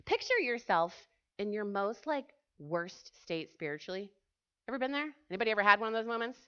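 A woman giving a casual, animated sermon to a church group, chatty and full of fillers, often asking her listeners questions. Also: mid-range voice, a little fast, clean tone. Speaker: church speaker. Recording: dull lo-fi recording.

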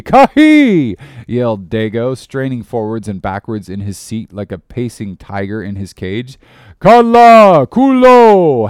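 A man narrating a classic novel in a measured, expressive reading. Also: lowish voice, no room sound, clean studio sound. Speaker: audiobook narrator. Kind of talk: scripted narration.

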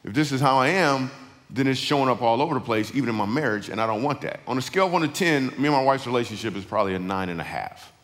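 A man's voice: mid-range voice, lively intonation, fast talker, fairly bright tone. A middle-aged man tells a personal story in a loose, slangy, conversational way, with easy humor. His voice sits in a middle register. The sound carries the long reverb of a large hall. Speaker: guest speaker.

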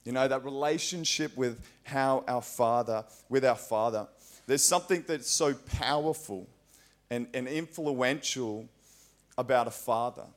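A man's voice: medium pitch, measured pace. Earnest Australian man preaching. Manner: conversational, earnest, frequent fillers. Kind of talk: sermon. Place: church.

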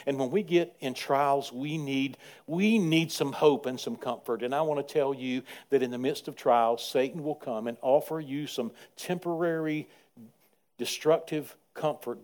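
A man, preaching a sermon in repetitive rhythmic phrases and swinging between quiet asides and loud, emphatic passages. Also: mid-range voice. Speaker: pastor.

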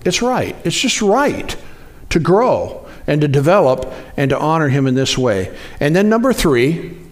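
A man preaching a sermon in a conversational way, often asking the congregation to respond. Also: measured pace. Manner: animated, jumps up in pitch for acted-out quotes. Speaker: pastor.

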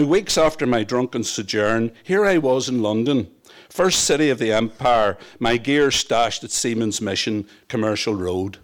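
Wry man reading his sea memoir. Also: mid-range voice. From Northern Ireland. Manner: wry, reflective storytelling. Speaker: narrator. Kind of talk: first-person memoir reading.

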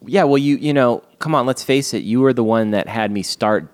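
A man's voice: medium pitch, brisk, no echo. A man co-hosting a comedy podcast, rambling in mock exasperation. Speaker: podcast co-host. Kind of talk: comedic improvised podcast banter.

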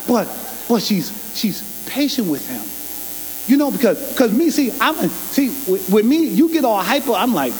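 High, lively preaching man in a reverberant hall. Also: normal speed. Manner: emphatic, folksy preaching with call-and-response; colloquial, loose grammar. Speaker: pastor. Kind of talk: sermon. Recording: long hall reverb with faint mains hum.

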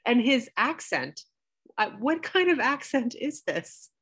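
A woman's voice: a little high, big pitch swings, takes it slowly, a bit bright, husky. Questioning woman podcaster, light laughs. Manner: asks questions, laughs lightly between remarks. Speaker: podcast co-host. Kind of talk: casual chat.

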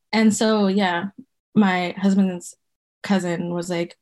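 A woman's voice: mid-range voice, steady tone, normal speed, darkish tone. A woman in her thirties from Zimbabwe, telling personal stories casually and rambling with many fillers. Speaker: guest herbalist. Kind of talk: casual storytelling.

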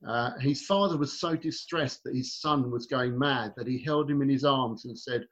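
A man's voice: medium pitch, moderate pace, highs cut off. A man giving a sermon, telling a story in a hesitant way with many fillers and restarts. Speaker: preacher.

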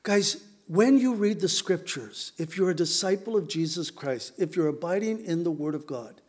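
A man's voice: sits high, moderate pace, darkish tone. A man preaching a sermon in an earnest, emphatic, urgent way.

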